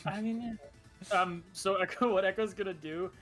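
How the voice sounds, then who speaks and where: A young man playing a superhero tabletop game, calm and matter-of-fact. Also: high-pitched, normal speed, faint music behind. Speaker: player. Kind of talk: casual tabletop game chat.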